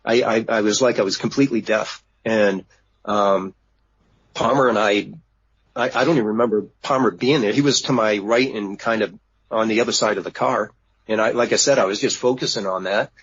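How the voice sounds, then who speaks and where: Husky-voiced man, halting. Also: fairly low pitch. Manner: halting, many restarts. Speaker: guest witness. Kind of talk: casual radio interview. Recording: dull lo-fi remote line.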